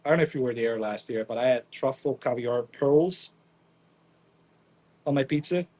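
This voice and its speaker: Young male chef, Naples-raised, animated storyteller acting out quotes in casual interview talk. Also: medium pitch, normal speed, low-quality recording. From Naples area, Italy. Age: young adult. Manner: animated, acts out quotes, frequent "right?" tags. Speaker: pizza chef guest.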